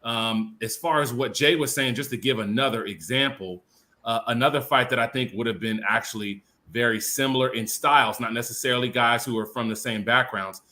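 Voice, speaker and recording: A man's voice: mid-range voice, fairly quick, sharp tone. A man co-hosting a boxing live stream, giving thoughtful analysis in long, filler-laden stretches. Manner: thoughtful, talks in long qualified runs with many fillers. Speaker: panel co-host.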